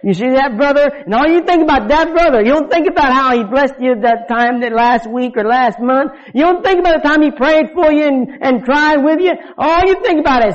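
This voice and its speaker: High-voiced fervent male preacher. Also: a little fast, hardly any pauses. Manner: fervent, swings between loud and low. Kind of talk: sermon. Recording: dull lo-fi sound.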